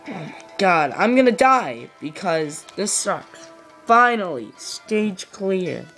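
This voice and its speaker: Woman raging at a video game, swings way up and down in pitch, slow drawn-out yelling, game music faint behind. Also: very animated. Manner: frustrated yelling and cursing at the game. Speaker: gamer playing a platform game. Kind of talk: rage gameplay commentary.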